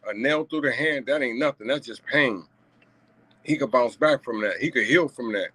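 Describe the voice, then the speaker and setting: A man with a medium-pitched, sharp voice and a breathy edge speaks at normal speed in a low-quality recording with no echo. He is a vlogger giving his viewers casual commentary on a news story, emphatic and repetitive, chuckling between points and often asking "you know what I'm saying."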